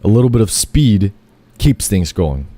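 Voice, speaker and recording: A man's voice: fairly low pitch, big pitch swings, measured pace, warm tone, dry recording. A man telling a long, rambling first-person story, full of fillers, self-corrections and casual swearing.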